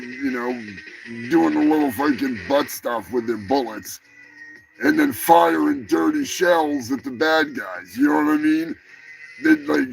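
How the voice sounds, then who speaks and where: A man's voice: fairly high pitch, gravelly. A man hosting a comedy news show, rambling through crude jokes and profane asides. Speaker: host. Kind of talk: casual comedy chat.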